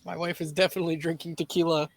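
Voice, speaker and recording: A man playing in an online tabletop game, bantering in a relaxed, joking way. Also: on the high side, rapid-fire, vocal fry, no echo. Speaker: player. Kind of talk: casual play at a tabletop game.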